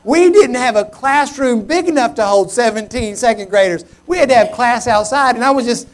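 High-voiced, animated man preaching. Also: moderate pace. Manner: animated, humorous, self-mocking. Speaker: pastor. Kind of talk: storytelling sermon.

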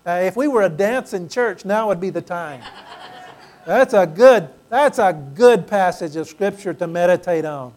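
High-voiced pastor preaching emphatically. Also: male voice, lively intonation, unhurried. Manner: emphatic preaching, swelling to loud praise, calls for amens. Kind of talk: sermon.

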